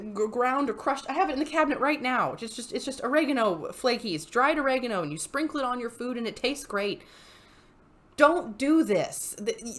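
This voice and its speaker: A woman giving casual, comedic commentary on Reddit posts, exasperated and animated and laughing often. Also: on the high side. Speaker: YouTuber reading and reacting to Reddit posts.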